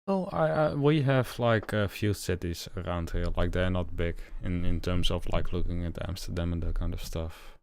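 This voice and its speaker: A young man with a low voice hosts a loose podcast chat. He rambles through fillers and restarts and laughs easily, and the recording sounds dry and close. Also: normal speed, few pauses, a little mellow, clean tone, no echo. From Netherlands, Friesland. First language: Frisian. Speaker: podcast host. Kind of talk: casual chat on a livestreamed podcast.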